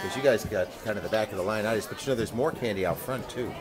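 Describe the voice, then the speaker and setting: A man's voice: fairly low pitch, fast talker. A male host greeting costumed trick-or-treaters at a theatre Halloween event with upbeat, playful banter, complimenting each costume in turn. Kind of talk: on-the-spot event coverage. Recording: crowd chatter behind.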